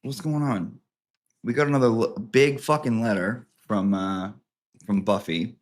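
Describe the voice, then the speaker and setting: A man's voice: fairly low pitch, unhurried. A man hosting a casual home vlog, rambling and joking with plenty of swearing as he reads aloud. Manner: rambling, profane, jokey. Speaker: host. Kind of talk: casual vlog chat and reading.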